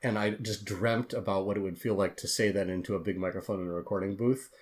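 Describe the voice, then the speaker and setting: A man's voice: low voice, fairly even intonation, fast. A man, a guest author on a podcast interview, telling his story in an earnest, heartfelt way.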